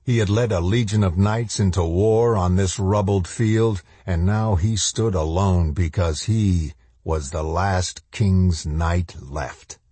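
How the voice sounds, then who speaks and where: Deep, husky male audiobook narrator. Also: slow, hardly any pauses, mellow, dry recording. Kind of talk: scripted narration of a novel.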